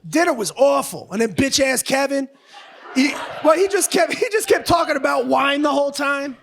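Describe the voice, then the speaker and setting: A middle-aged man doing stand-up comedy on a club stage, brash, profane and often shouting. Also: very high voice, expressive, moderate pace, gravelly. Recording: live club audio with background noise.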